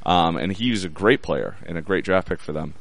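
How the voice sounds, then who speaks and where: A man chatting casually about football on a radio show, explaining in a measured way. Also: sits low, vocal fry, no room sound. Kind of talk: casual sports chat.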